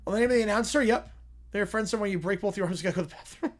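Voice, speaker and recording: A young man hosting a casual livestream, answering viewer questions with quick reactions and frequent "yeah"s. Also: high-pitched. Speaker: livestream host reading chat.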